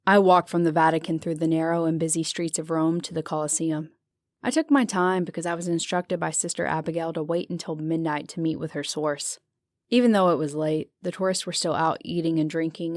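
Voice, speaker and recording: A woman reads a horror audiobook in a measured, descriptive first-person style. Her voice sits on the low side, close to the mic with no room sound at all. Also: a little mellow, no echo. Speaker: audiobook narrator. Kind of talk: scripted narration.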